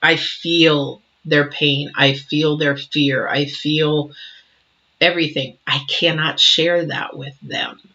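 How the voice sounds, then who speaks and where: A man giving an intuitive tarot reading to camera, earnest and a little emotional, talking in halting runs with frequent restarts. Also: fairly high pitch, level tone, pushed and bright, dull audio. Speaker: tarot reader.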